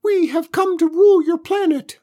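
A woman voicing a pair of tiny, pompous purple alien invaders in a storybook reading, with a squeaky, bossy, indignant manner. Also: normal speed, warm tone. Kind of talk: storybook character voice.

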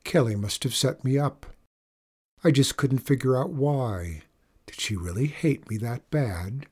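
Husky-voiced guy reading a spooky story, low-key, steady, mid pitch. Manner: measured, low-key first-person telling. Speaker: narrator. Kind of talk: audiobook story narration.

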